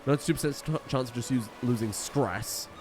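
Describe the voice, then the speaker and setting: A man's voice: medium pitch, fairly quick, music in the background. A man casually commenting on a strategy game, thinking aloud and reading the game's text. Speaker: gaming video host.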